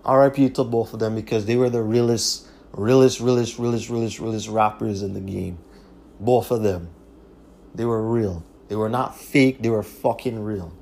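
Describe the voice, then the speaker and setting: A man's voice: lowish voice, steady tone, normal speed, creaky, a little mellow, a little hiss or hum. A man hosting his own podcast, talking in a blunt, profane, repetitive way. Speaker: podcast host. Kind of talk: casual monologue.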